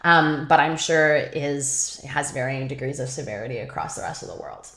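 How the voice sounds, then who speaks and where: A woman's voice: very deep voice, moderate pace, vocal fry, roomy sound. A woman in her thirties, from Canada, telling her story in a casual interview with frequent laughs and fillers. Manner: animated, laughs often, many fillers. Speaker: guest, company founder.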